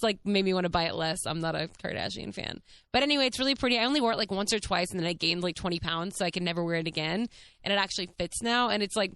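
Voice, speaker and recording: A woman in her thirties tells a story on her podcast in a chatty, lively way. Her voice is smooth and clear, and she laughs easily and swears casually as she talks. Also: mid-range voice, dry recording. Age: 30s. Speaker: podcast host.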